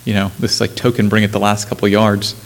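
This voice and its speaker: Male preacher, lowish voice, casual sermon delivery mixing scripture reading with plain commentary. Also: flat delivery, quick pace, rough recording. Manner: conversational, with asides and self-corrections.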